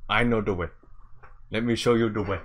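A man's voice: lowish voice, steady tone, fairly quick, a bit bright. A man hosting a casual reaction vlog, playful and laughing often, sometimes slipping into silly voices. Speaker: YouTuber host.

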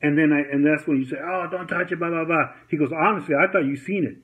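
A vlogger speaking fast in a high-leaning voice unloads a furious personal rant on camera, captured with muffled lo-fi sound. He curses, circles back over the same points, and quotes others' words.

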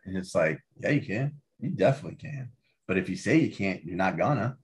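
A man talking as an interview guest and author, emphatic and animated, often tagging his points with "right?". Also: on the low side, brisk. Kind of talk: casual interview talk.

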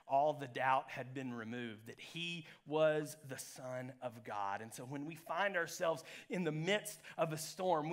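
A man preaching a live church sermon as pastor, swinging from loud peaks to hushed lows. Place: church sanctuary.

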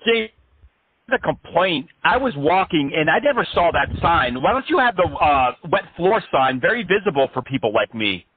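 Man doing a whiny guy complaining crudely, raspy-ish, sounds like a phone call. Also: on the high side, big pitch swings, moderate pace. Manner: exaggerated complaining, crude jokes. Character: aggrieved male caller who slipped, whiny and crude. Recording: phone-like line.

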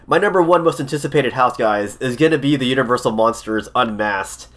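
An excitable man talking straight to camera in a casual vlog. He rambles, restarts sentences and repeats words as he goes, at a middling pitch for a man. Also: a little fast. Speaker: theme park vlogger.

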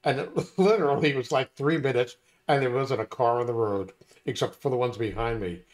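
A man's voice: mid-range voice, a little fast. Male co-host, casual, hesitant, chuckling storyteller. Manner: anecdotal, hesitant with fillers, chuckling. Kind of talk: casual interview chat.

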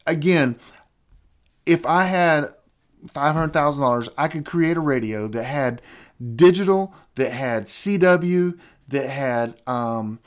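Middle-aged guy ranting on a podcast, kinda high voice, gets animated acting out convos. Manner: animated, acts out conversations. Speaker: podcast host. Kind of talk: casual ranting chat.

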